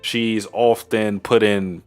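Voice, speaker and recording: Low-voiced podcast guy rambling about anime, lots of uh and um, crude jokes, faint music behind. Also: level tone, takes it slowly, clean tone. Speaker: podcast co-host. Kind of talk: casual anime recap chat.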